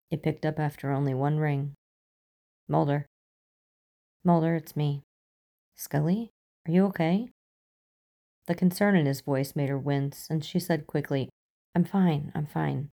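Low, creaky woman reading a story. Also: warm tone. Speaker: fan fiction reader. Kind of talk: storybook narration.

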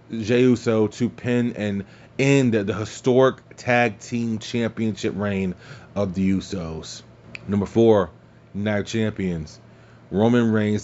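A man hosting a podcast, recapping wrestling in casual, excitable talk, swearing freely and laughing at his own slips. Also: fairly low pitch, dull audio. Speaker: podcast host.

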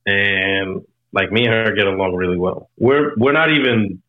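A man's voice: fairly low pitch, normal speed, narrow, tinny audio. A young man in casual chat, laid-back and joking, heavy on casual slang.

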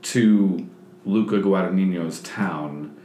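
A man with a fairly low voice talks eagerly about movies, stumbling through restarts and "um"s. The sound carries a noticeable room echo. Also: slow, mellow, a little hiss or hum. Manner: enthusiastic, hesitant with fillers and restarts. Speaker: podcast co-host. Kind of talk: casual chat.

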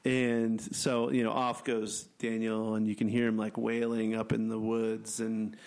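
Gravelly man telling a story. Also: on the low side, unhurried. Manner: animated storyteller, laughs often, acts out quotes. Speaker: wilderness ministry program leader. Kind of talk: casual storytelling chat.

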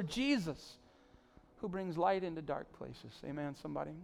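A male pastor preaching a sermon, pleading with the congregation, surging to emphatic peaks and then dropping soft. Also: fairly high pitch, a little fast, gravelly.

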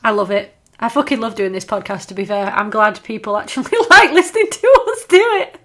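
A woman with a northern English accent co-hosting a podcast, chatting casually, blunt, sweary and quick to laugh. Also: mid-range voice, animated, fairly bright tone. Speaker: podcast co-host. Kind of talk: casual chat.

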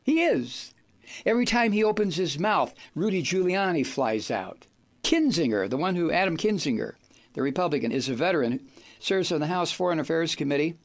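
Ranting talk radio man, high and lively. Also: a little fast. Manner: angry, insulting, theatrical ranting. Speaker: radio talk show host. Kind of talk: political talk radio rant.

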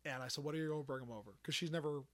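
Bright-voiced man, animated storyteller. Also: a little high, very fast. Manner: animated storyteller who acts out quoted dialogue. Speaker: podcast host. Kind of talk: casual chat.

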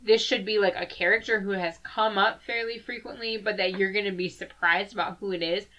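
Woman podcast co-host; animated, giggly recap, bright tone, dull lo-fi audio. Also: mid-range voice, fairly quick. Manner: animated storytelling, frequent laughter and "like" fillers. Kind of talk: casual chat reviewing a book.

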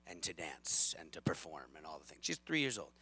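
A man in his thirties preaching a sermon as a lively, self-deprecating storyteller, with big swings in loudness. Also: low-pitched, brisk, breathy edge, soft background music. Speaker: pastor.

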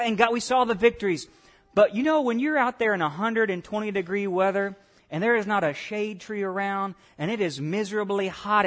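Male pastor, high voice, conversational sermon delivery with rhetorical questions. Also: fairly bright tone. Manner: conversational preaching, rhetorical questions, acts out quotes.

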